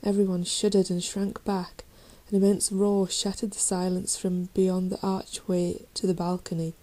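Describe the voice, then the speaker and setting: A woman's voice: medium pitch, level tone, normal speed, poor audio. A woman narrating a children's fantasy storybook in a dramatic reading style. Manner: dramatic reading, raising voice for shouted lines. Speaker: audiobook reader.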